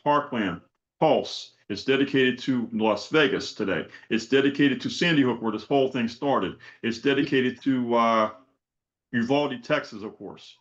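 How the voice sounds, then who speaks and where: A man's voice: mid-range voice, a little slow, highs cut off. A man hosting an online event, reciting a spoken poem with repeated rhetorical questions and urging action. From South Florida. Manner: repetitive rhetorical questions, preacher-like build. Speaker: event host. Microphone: video call.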